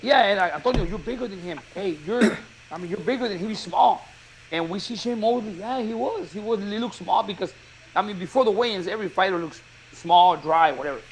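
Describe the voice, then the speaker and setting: A boxing coach telling a story in casual chat, acting out the quotes with energy. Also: male voice, high-pitched, fairly quick, slight background noise, rough recording. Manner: animated storyteller, acts out quotes.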